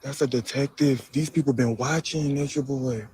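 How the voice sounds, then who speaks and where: A man vlogging live to his viewers, excitable and profane, with gasps and slang. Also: medium pitch, normal speed. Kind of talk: casual live vlog, talking to viewers.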